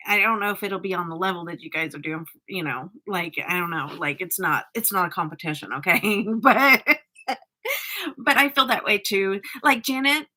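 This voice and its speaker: A woman's voice: mid-range voice, sharp tone. A woman chatting casually with live viewers as a makeup vlogger, teasing and laughing often.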